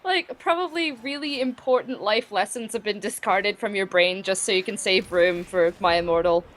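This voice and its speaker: A woman's voice: mid-range voice, normal speed, a bit bright. A woman co-hosting a game stream, chatting casually and playfully. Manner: giggly, playful. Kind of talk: casual chat.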